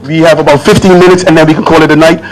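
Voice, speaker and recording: A man with a notably high voice gives a speech at a public town hall. He talks emphatically and rhetorically, throwing out questions and then answering them. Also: level tone, very fast. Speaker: government minister.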